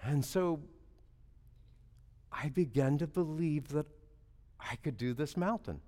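A shy, earnest young daughter speaking softly and hesitantly, as a preacher puts her on. The voice stays low and gentle, with a long reverb trailing behind it as if in a big hall. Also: slow. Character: timid young daughter learning to ski.

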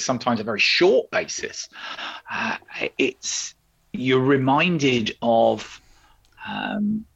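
A man with a medium-pitched, creaky voice, fairly bright and a little breathy, co-hosts a podcast. He chats casually about old TV, rambling with many fillers and restarts, and the sound is lo-fi.

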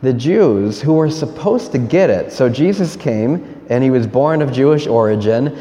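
A priest delivers a homily in an earnest, unhurried, plain-spoken way. His voice sits in a mellow, darker register. The sound carries a long reverb from a large church hall. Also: medium pitch, lively intonation. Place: university church.

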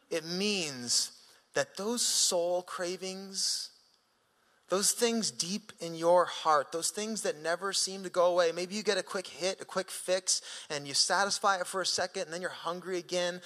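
A male pastor preaching a sermon in an animated, conversational way, swinging from sudden rises to quiet drops. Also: sits high, big-room sound.

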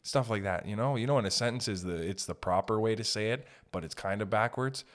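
A man's voice: fairly low pitch, brisk. A man hosting a casual solo podcast, rambling and making fun of himself. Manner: rambling, self-mocking, drops into silly put-on voices. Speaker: podcast host. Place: home podcast setup.

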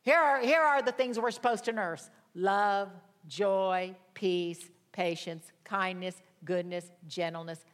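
A woman's voice: medium pitch, a bit bright. A woman preaching a sermon, speaking in emphatic, declarative phrases and mixing in humorous stories.

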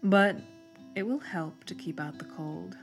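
A woman's voice: fairly low pitch, creaky. A woman reading the lines of an embittered, eloquent old male scholar living as a recluse, in a storybook reading over guitar music. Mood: courteous. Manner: bitter, eloquent, measured.

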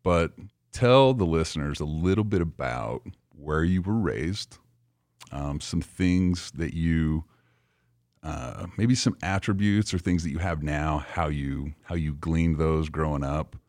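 A middle-aged man hosting a podcast, asking questions in a measured, rambling way with many fillers. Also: a bass voice, darkish tone, no echo, studio quality. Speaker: podcast host. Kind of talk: casual podcast interview.

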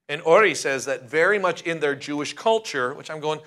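Forceful, bright-voiced male pastor preaching. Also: on the high side. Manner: emphatic, slowing down to stress key words. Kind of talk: sermon.

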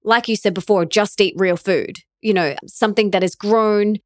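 A woman's voice: mid-range voice, moderate pace, no echo, studio quality. A woman hosting a podcast, talking earnestly and encouraging listeners, sharing stories in a conversational way. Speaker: podcast host.

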